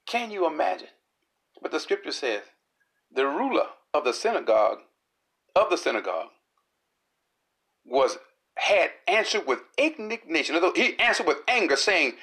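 Lively, bright-voiced preacher. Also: moderate pace, pauses often. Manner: rhythmic, repetitive preaching with dramatic pitch swings. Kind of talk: sermon.

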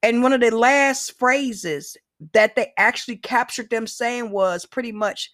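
A woman's voice: a little high, measured pace, a bit bright, dry recording, clean studio sound. A woman hosting her own solo podcast, talking casually and emphatically to her listeners with slang and direct asides. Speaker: podcast host.

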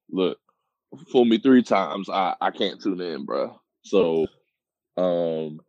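A man's voice: low-pitched, expressive, a little mellow, no echo. A man co-hosting a podcast, chatting casually and with a laid-back manner. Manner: laid-back, slow, says bro. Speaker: podcast co-host. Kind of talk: casual chat. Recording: dull dry lo-fi mic.

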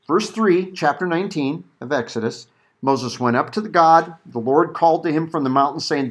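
A man's voice: high voice, fairly bright tone. A middle-aged man teaching a Bible study sermon, reading scripture and acting out quotes with emphatic peaks.

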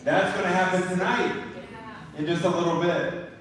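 A man preaching a sermon as pastor in a church fellowship hall, enthusiastic, repeating phrases and dropping to a hush for scripture quotes. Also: high-pitched, steady tone, moderate pace, crowd noise. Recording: echoey hall, distant mic, noisy.

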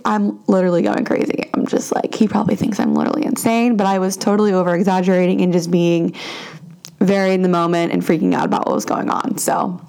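A young woman hosts her own podcast, telling a long personal story in a chatty, animated way. Her voice sits mid-range with a noticeable gravelly fry running through it. She keeps piling on asides as she goes. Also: mid-range voice, quick pace. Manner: chatty, animated retelling with frequent "like" and "lo and behold". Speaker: podcast host. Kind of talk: casual storytelling monologue.

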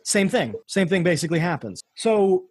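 An American man talks through history in a loose, rambling podcast chat, doubling back over his words as he goes. His voice is a touch high and husky. The sound is dry and close, with no room behind it. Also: sing-song, moderate pace, no echo. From United States. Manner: rambling storyteller, frequent restarts.

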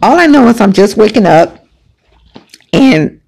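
A woman's voice: mid-range voice, lively intonation, unhurried, creaky, darkish tone. A woman hosting a podcast, telling a personal story in a casual, emphatic, conversational way. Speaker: podcast host.

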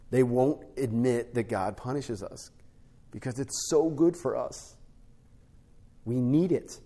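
A middle-aged man, a podcast guest, teaching on spiritual life through a family story, with an animated storytelling manner that often checks in with "right?". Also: on the low side, a little slow, long pauses. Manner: animated storyteller, rises to emphatic peaks, frequent "right?" tags.

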